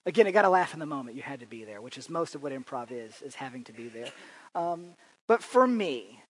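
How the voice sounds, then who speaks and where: A man's voice: mid-range voice, very animated, fairly quick, breathy edge, no echo, rough recording. A man giving an informal church talk, telling chatty, humorous stories with frequent fillers and restarts. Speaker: church speaker and improv teacher.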